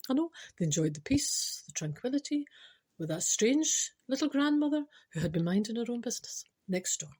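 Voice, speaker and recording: A Scottish woman hosting a podcast, telling a comic story with spiritual advice in a chatty, animated way full of teasing asides. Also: on the high side, a little fast, husky.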